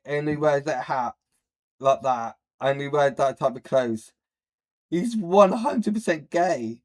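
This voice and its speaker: A man's voice: a little high, animated, takes it slowly, a little mellow. A man hosting a reaction video, who rambles bluntly with many fillers and says he has a speech problem. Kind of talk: casual reaction commentary.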